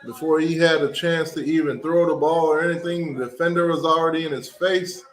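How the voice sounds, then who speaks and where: A man hosting a watch party, giving casual play-by-play commentary and getting loud and excited on big plays. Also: on the high side, fairly quick, reverberant, low-quality recording.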